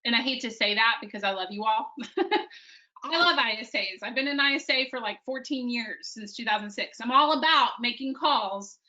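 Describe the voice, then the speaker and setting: Bright-voiced woman sales coach. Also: on the high side, moderate pace, muffled recording. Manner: energetic, conversational, addresses group as guys. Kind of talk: live training workshop.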